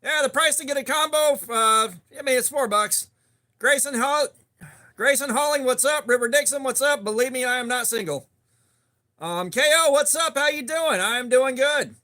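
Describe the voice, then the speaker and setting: A man with a drawl hosts a casual live stream, chatting easily and greeting viewers by name. His voice sits unusually high and sounds bright and forceful. He keeps a laid-back, friendly pace. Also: normal speed. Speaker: livestream host.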